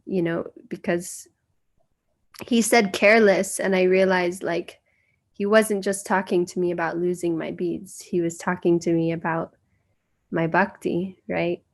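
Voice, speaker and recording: A woman's voice: lowish voice, gravelly. Woman, American accent, earnest storyteller, guest speaker, mimics quoted voices. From United States. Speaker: guest speaker sharing memories. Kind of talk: personal storytelling.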